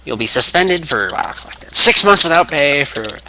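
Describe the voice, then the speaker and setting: A man's voice: fairly high pitch, lively intonation, a little slow, pushed and bright, a little hiss or hum, pitched above the performer's own voice, full character voice. A man voicing a pompous older male wrestling company boss, stern and rambling, in a raised voice.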